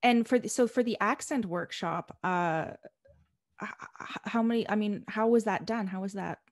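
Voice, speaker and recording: A woman hosting a podcast interview, asking curious questions with quick reactions. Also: mid-range voice, dry recording, studio quality. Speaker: podcast host. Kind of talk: casual interview chat.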